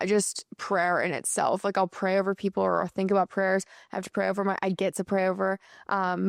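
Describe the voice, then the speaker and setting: A woman's voice: medium pitch, vocal fry, no echo, clean studio sound. A young woman in her twenties talking casually and earnestly about faith and mindset, with lots of filler words. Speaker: podcast host.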